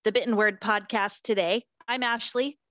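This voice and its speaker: Chatty female co-host, casual and rambling, mid pitch, dry room. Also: fairly even intonation, moderate pace, pushed and bright, no room sound. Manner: chatty, uses fillers like um and like. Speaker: podcast co-host. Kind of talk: casual chat.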